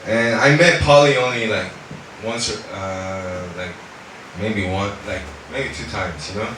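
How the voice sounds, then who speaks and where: A man's voice: fairly low pitch, measured pace. A man giving a personal faith testimony, telling his story with lots of "you know" and now and then slipping into Korean. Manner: animated storytelling, heavy on fillers like "you know"; switches into Korean at times. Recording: echoey room, mic far off, faint noise.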